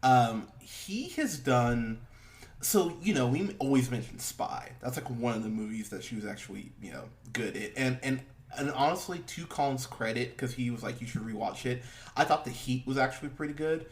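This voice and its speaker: A man's voice: mid-range voice, normal speed. Rambling, laughing male podcast host. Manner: laughing, swearing, rambling with many fillers. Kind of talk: casual movie review chat.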